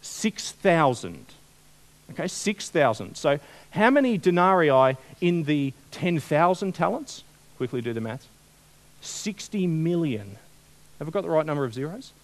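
A man preaching a sermon, conversational and animated, often asking the congregation questions. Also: fairly high pitch, moderate pace.

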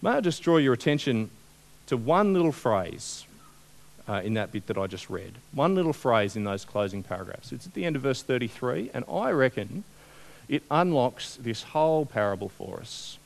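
A man preaching a sermon, conversational and animated, often asking the congregation questions. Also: mid-range voice, normal speed, vocal fry.

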